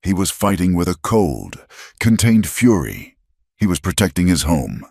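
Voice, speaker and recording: A man narrating a western romance story in a dramatic, expressive scripted reading. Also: low-pitched, measured pace, vocal fry, slightly rough, no room sound, clean studio sound.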